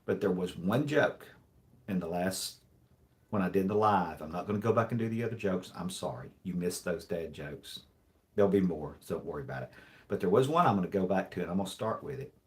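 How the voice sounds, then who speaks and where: A man hosting a live stream, reading jokes aloud in a dry, deadpan way and rambling with many restarts and apologies. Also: low-pitched, fairly quick. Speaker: livestream host. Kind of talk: casual livestream chat, reading jokes aloud.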